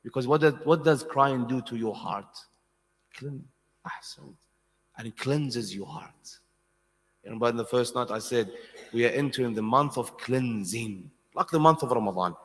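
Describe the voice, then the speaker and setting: A man giving an impassioned sermon at a mourning gathering, swinging from soft to loud and putting questions to his audience. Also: mid-range voice, normal speed. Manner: asks the audience questions directly. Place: large hall with congregation. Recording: long hall reverb.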